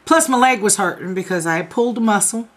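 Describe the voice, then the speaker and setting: A woman's voice: mid-range voice, quick pace. A woman, telling a profane, comic story to her viewers in a casual vlog. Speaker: vlogger.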